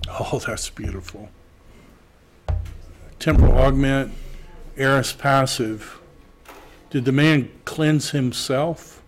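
A man teaching a Greek class, slowly reading Greek aloud and then translating it. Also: mid-range voice. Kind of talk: classroom lecture.

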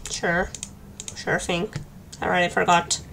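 A woman's voice: on the low side, flat delivery, a little slow, vocal fry, fairly bright tone, a little hiss or hum. A woman streaming a game with casual, joking commentary and flustered muttering. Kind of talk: casual let's-play commentary.

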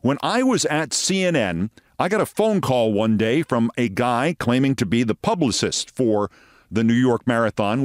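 A man's voice: medium pitch, dry recording, studio quality. A man in his sixties hosting a commentary show, telling anecdotes in a wry, conversational way. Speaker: show host.

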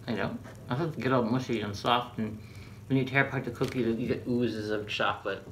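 A man hosting a casual home baking video, making dry, deadpan quips. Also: medium pitch, fairly quick. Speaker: channel host. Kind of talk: casual chat while baking. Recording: noisy home recording.

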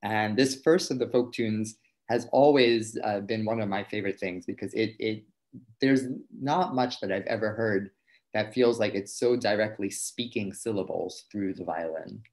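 Low-voiced violinist explaining thoughtfully. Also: male voice, normal speed, a little mellow. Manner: thoughtful, explanatory, with frequent restarts. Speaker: violinist giving a talk. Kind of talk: informal lecture.

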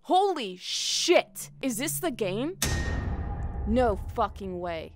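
A young woman streaming a VR horror game, jumpy and quick to yelp and swear at each scare. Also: fairly high pitch, big pitch swings, over music. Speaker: VTuber streamer. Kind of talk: horror game livestream commentary. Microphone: headset in VR.

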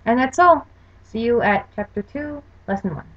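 With a fairly high pitch and lively intonation, a woman teaches a language lesson at a moderate pace over slides. The course lecturer explains rules carefully and spells out examples, and the recording sounds dull and lo-fi.

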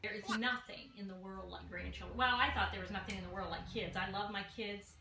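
A woman in her sixties, a home cooking vlogger, chats casually to the camera in her kitchen, speaking fairly quickly in a steady, medium-pitched voice. She's folksy and talkative, addressing viewers directly, and the echoey room carries clear background noise.

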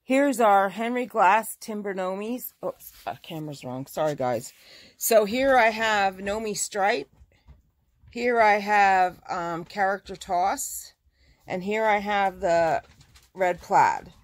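A woman's voice: mid-range voice, slow, no room sound. A woman who owns a fabric shop, chatting through a casual live showcase of her fabrics. She gushes over the prints and corrects herself mid-sentence.

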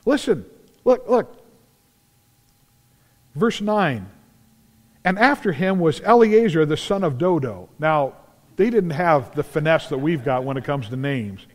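A man preaching in a big church sanctuary, his fairly high voice swinging up and down as he acts out Bible stories. He bursts into shouts at the climaxes of the action. Long reverb trails behind every phrase. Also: measured pace. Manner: animated storytelling, acts out scenes, shouts at climaxes. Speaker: pastor. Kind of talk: sermon.

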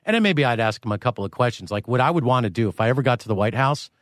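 A man's voice: mid-range voice, lively intonation, rapid-fire, no echo, clean studio sound. A man hosting a radio interview, telling playful, teasing stories. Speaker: radio show host.

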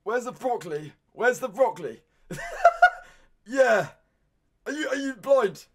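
Excitable British streamer, high lively voice. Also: male voice, moderate pace. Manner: excitable, loud outbursts, says "mate" constantly. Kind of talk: live-stream reaction commentary.

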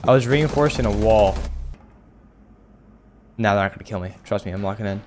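Excitable young man streaming gameplay. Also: fairly low pitch, a little hiss or hum. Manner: excitable, swears, rapid shouted callouts. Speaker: gaming streamer. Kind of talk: casual gameplay commentary.

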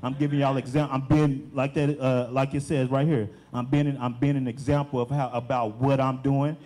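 A man's voice: medium pitch, flat delivery, normal speed, dark tone. A young adult man, a deacon, preaching a sermon with emphatic, repeated phrases.

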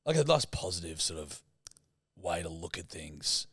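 A man's voice: low-pitched, big pitch swings, normal speed, a bit bright, slightly rough, no echo, studio quality. A young man, co-hosting a podcast with joking, mock-dramatic ribbing. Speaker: podcast co-host. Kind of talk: casual chat.

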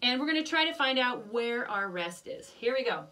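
High-voiced woman teaching young children. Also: animated, normal speed, recorded from a distance. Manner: gentle, encouraging, chants rhythm syllables in a high sing-song. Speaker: music teacher. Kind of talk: online music lesson for young children.

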